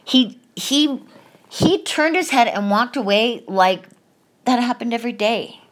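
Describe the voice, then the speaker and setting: A middle-aged woman with a fairly high voice and lively intonation, unhurried in pace, hosts a podcast. In a confessional monologue she recounts a painful family story with raw candor and emotion, cursing freely.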